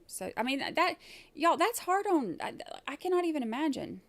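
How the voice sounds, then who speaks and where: The host of this trial livestream is a woman whose high, somewhat bright voice swings widely in pitch at a normal speed. She's casual and talkative, rambling along with lots of fillers.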